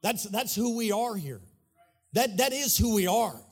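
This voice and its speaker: A male pastor preaches to his church through a microphone, his voice sitting high for a man. He builds fervent, sing-song runs of repeated phrases and calls out to the congregation. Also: animated, unhurried, breathy edge. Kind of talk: sermon. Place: church sanctuary. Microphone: handheld or stage mic.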